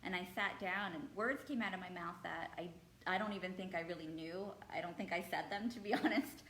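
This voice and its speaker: A woman's voice: fairly low pitch, a little fast, a bit bright, roomy sound, a little hiss or hum, low-quality recording. A woman guest telling her personal story in an interview, earnest and hesitant, with frequent ums. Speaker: guest sharing her experience.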